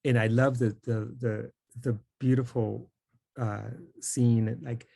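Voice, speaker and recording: A man's voice: mid-range voice, fairly even intonation, slow, gravelly, mellow, dry recording, studio quality. A man interviewing an author, chatty and rambling, with many fillers and restarts. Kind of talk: conversational interview.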